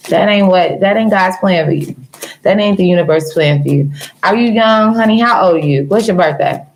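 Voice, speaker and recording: A woman's voice: medium pitch, normal speed, a little hiss or hum, poor audio. A woman reading tarot cards on a live stream. She answers viewers in a casual, teasing way, calls them girl and baby, and mixes jokes with earnest advice. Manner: laughs often, jokes then turns earnest. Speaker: tarot reader livestreaming to viewers.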